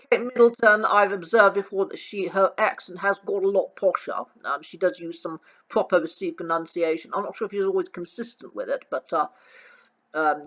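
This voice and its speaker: A man coaching, speaking in a measured, hesitant way with many ums, on an uneven recording. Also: a little high, a bit bright. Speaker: accent coach. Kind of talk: relaxed talking-head commentary. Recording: uneven, poor sound quality in parts.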